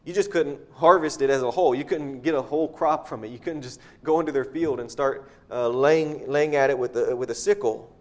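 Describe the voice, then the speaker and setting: A man's voice: medium pitch, brisk, hardly any pauses, darkish tone. A man preaching a sermon in a conversational way, often repeating words as he explains scripture.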